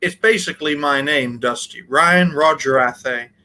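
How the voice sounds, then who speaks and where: A man from Wales, a guest on a casual live stream, talking in a halting way with many restarts and slightly formal phrasing. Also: fairly high pitch, bright, forceful tone, poor audio.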